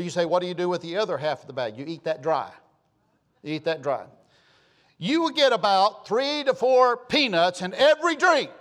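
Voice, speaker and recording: A man with a Southern US accent preaching a sermon, telling folksy stories and swinging between loud calls and low asides. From Georgia, US. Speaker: pastor.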